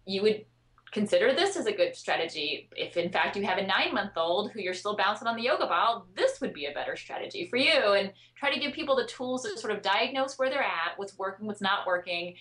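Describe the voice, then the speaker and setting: A woman's voice: mid-range voice, animated, fairly quick, a bit bright. A woman speaking as a guest expert in a podcast interview, earnest and chatty, with frequent fillers and restarts. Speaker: guest expert on child sleep.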